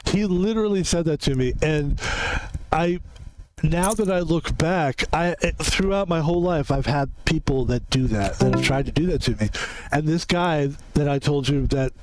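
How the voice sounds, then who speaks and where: A man in his fifties gives loose, meandering commentary while playing a game. His voice sits a little high for a man, and he drifts into stories peppered with swearing. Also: normal speed, over music, rough recording. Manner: rambling storytelling with frequent profanity. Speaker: gaming video host.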